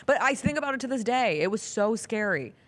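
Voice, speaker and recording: A woman's voice: a little high, animated, brisk. A woman hosting a talk show, telling a long story in a casual, earnest way and acting out the dialogue. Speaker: sports talk show host. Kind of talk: casual chat.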